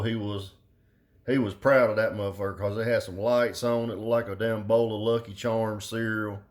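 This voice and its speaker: A middle-aged man, ranting casually and bluntly with crude slang. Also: on the low side. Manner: profane, blunt, drawling southern slang. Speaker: car audio vlogger. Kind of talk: casual rambling rant.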